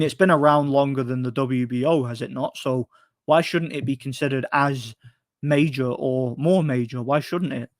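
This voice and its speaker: A man's voice: mid-range voice, no echo, studio quality. A man hosting a casual chat show, answering viewer questions in a rambling, opinionated way with many restarts.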